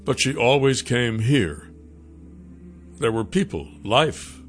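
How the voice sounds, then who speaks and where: A man narrating a fantasy story in a calm, measured way. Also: medium pitch, faint music behind.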